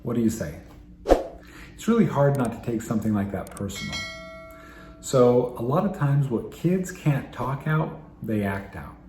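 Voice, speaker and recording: Calm man in a roomy echo. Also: mid-range voice, moderate pace, music in the background. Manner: calm, explanatory, repeats key phrases. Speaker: child and family therapist. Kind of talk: advice talk to camera. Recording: roomy echo, faint ambience.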